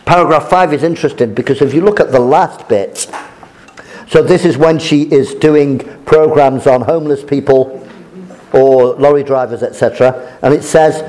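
A man teaching a class as their examiner, lecturing in a halting way with many fillers and restarts. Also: medium pitch, a little mellow.

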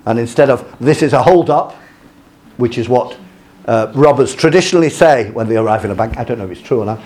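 A man's voice: medium pitch, brisk, darkish tone, breathy edge. Hesitant male lecturer with many fillers. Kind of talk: lecture with slides.

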